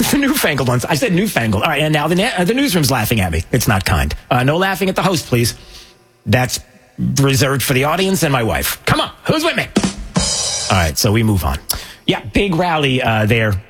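A man's voice: medium pitch, huge pitch swings, normal speed, fairly bright tone, husky, soft background music. A man hosting a commentary show, rambling with lots of fillers and joking at himself. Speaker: show host. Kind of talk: casual news commentary.

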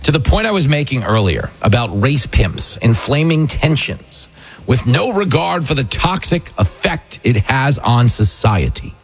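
A man hosting talk radio, ranting through a political monologue with a husky edge to his voice. He is combative and sarcastic and mocks his opponents in quick impressions. Faint music sits underneath him. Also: mid-range voice, big pitch swings.

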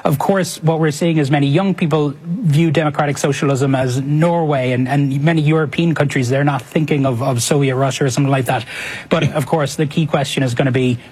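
A man reporter answering questions in a cable news interview, measured and analytical. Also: a little high, steady tone, a little mellow, slightly rough, low-quality recording. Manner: measured, analytical, hesitant fillers.

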